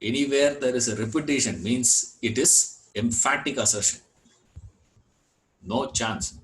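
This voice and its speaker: A man teaching a scripture class, unhurried, repeating words and filling gaps with "you know". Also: fairly low pitch, fairly bright tone, poor audio. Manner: chants Sanskrit verse. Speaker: Vedanta teacher.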